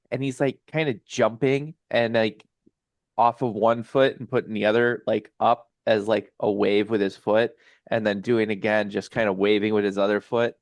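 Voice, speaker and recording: A man narrating a tabletop game as game master, unhurried and quick to laugh. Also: mid-range voice, clean tone, no room sound.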